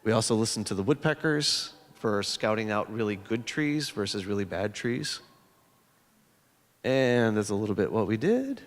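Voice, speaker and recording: A man's voice: lowish voice, big pitch swings, normal speed. A man on a panel, an educator presenting with slides and telling a story in a conversational way, with frequent fillers and restarts. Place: lecture hall. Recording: long reverb of a hall.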